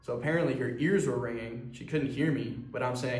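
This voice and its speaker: A man's voice: medium pitch, a little fast, a little mellow. A young man talking earnestly to camera in a rambling way, with plenty of fillers. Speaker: clothing brand founder. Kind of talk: personal vlog monologue. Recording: echoey room.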